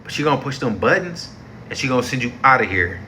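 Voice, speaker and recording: A man's voice: mid-range voice, big pitch swings, fast talker, sharp tone, a little hiss or hum. A young man giving a casual, heated review of a TV show, slangy and exasperated, repeating himself for emphasis.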